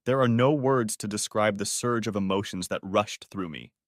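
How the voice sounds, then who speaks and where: A man narrating a first-person drama audiobook in a dramatic, expressive way. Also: fairly low pitch, normal speed, no room sound, studio quality.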